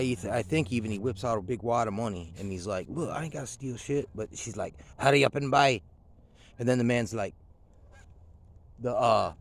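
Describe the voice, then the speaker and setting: A man's voice: on the low side, creaky. A man vlogging outdoors in the woods, rambling casually and swearing often, with many fillers. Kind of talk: casual outdoor vlog monologue.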